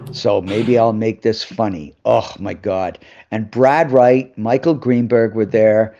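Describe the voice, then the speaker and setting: A man guest on a live interview show, telling lively anecdotes and acting out the voices of other people. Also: on the low side, slow pace. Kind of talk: animated storytelling in an interview. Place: live video call. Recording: slightly dull, lo-fi sound.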